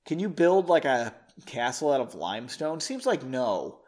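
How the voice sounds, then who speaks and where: A man's voice: medium pitch, sing-song, normal speed, a little mellow. A man hosting a podcast, reading his own story aloud and mocking it with sarcastic asides. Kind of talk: comedic reading with commentary.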